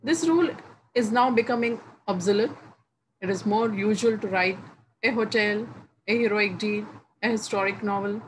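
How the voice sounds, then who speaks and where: A woman teaching English grammar, explaining each rule slowly and repeating the example words one by one with pauses between phrases. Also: mid-range voice, low-quality recording. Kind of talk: slow, deliberate classroom explanation. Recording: faint background noise.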